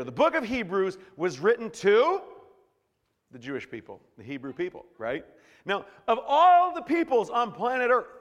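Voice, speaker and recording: Pastor guy preaching, jokey and loose, kinda high voice, big echoey church. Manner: jokey, conversational, with many restarts. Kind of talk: sermon. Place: church sanctuary. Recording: long reverb in a church hall.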